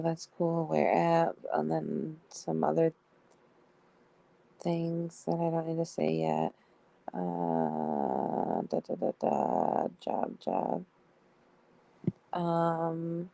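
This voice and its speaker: A woman's voice: deep voice, vocal fry, dark tone. A young woman streamer casually reading out both sides of a text chat, giggling often. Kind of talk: casual live-stream storytelling.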